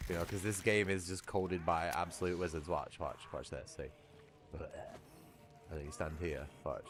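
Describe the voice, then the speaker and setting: A man's voice: sits low, fairly even intonation, normal speed, over music. A British man casually chatting and swearing while he streams a video game, with a joking manner. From Britain. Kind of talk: casual gameplay livestream.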